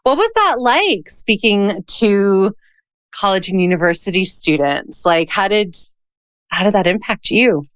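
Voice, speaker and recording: A woman hosting a podcast, asking open questions and reacting warmly to her guest's stories. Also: medium pitch, lively intonation, measured pace, clear, resonant tone, no echo, studio quality. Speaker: podcast host. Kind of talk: casual interview.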